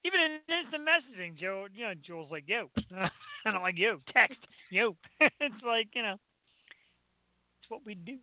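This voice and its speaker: High-voiced Philly radio host, tinny. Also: male voice, measured pace, long pauses, dry recording. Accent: Philadelphia. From Philadelphia. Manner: excitable, rambling, laughs often. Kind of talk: casual chat.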